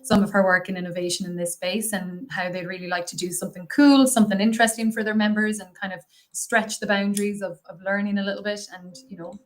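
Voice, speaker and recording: A woman's voice: mid-range voice, steady tone, fast talker. A woman guest on a podcast interview, talking chattily and enthusiastically with plenty of fillers. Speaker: guest, consultancy associate partner.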